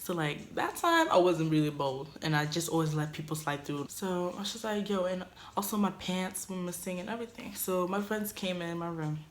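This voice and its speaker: A young woman vlogger telling a casual story in a dorm room, animated, swinging from loud outbursts to muttered asides. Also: lowish voice, moderate pace, hardly any pauses, a little hiss or hum.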